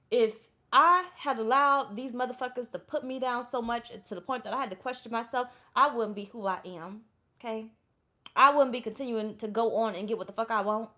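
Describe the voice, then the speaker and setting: A woman's voice: on the high side, bright, forceful tone. A woman giving a blunt, profane, emphatic pep talk straight to her viewers as a tarot channel host. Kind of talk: casual motivational rant to viewers.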